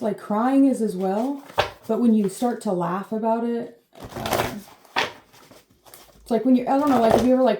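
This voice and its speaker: A woman giving a casual, meandering reading as host, chatty and full of fillers, swearing playfully now and then. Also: medium pitch. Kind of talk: casual rambling live reading. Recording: roomy echo with faint noise.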